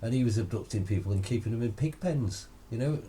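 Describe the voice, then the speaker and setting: Mellow podcast host. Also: male voice, mid-range voice, animated, fast talker, a little hiss or hum. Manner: reactive, chatty, swears, drifts into own tangents. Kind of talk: casual podcast chat.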